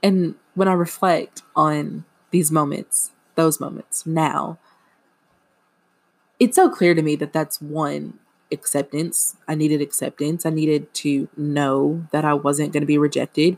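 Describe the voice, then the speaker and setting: A woman's voice: low-pitched, darkish tone. A young woman hosting a podcast, chatting casually and self-deprecatingly with lots of fillers. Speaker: podcast host. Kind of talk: casual confessional chat.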